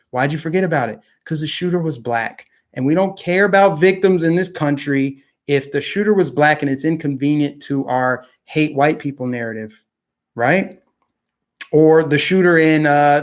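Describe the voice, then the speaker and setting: A young man holds forth in a fairly high voice, riled up and indignant. He delivers a casual but heated commentary monologue as the host of his own show, now and then mocking the people he criticizes.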